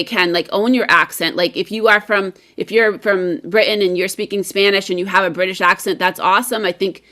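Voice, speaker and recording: A woman's voice: mid-range voice, fairly bright tone. An American woman, a guest English teacher, chatting enthusiastically and repeating herself a little on a video call. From United States. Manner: enthusiastic, chatty, repeats words as she talks. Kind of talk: casual live-stream discussion.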